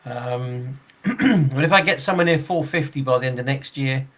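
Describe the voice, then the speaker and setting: A man's voice: mid-range voice, normal speed, fairly bright tone. Rambling, chuckling man in his sixties. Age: 60s. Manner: rambling, chuckling, with frequent fillers and restarts. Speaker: football referee and podcast host. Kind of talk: casual podcast chat.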